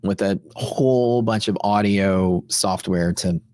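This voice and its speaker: A man with a lowish, slow, darkish voice hosts a casual livestream, rambling and repeating himself for emphasis. He speaks into a close studio dynamic mic in a sound-dampened home streaming room fitted with fiberglass panels.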